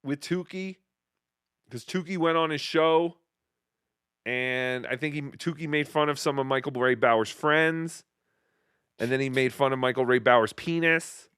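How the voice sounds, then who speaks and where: A man hosting a casual livestream, reading viewer messages and riffing with jokes and quick impressions. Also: mid-range voice, a bit bright, smooth, no echo, studio quality. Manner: riffing, jokey, slips into silly impressions. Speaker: show host.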